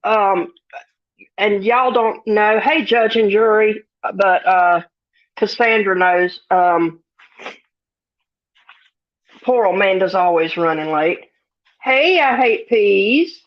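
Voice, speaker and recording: A woman's voice: mid-range voice, takes it slowly, long pauses, dull audio. A woman hosting a casual livestream, greeting chatters in a folksy, giggly drawl and sounding a bit sniffly. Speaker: livestream host. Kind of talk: casual live chat reading comments.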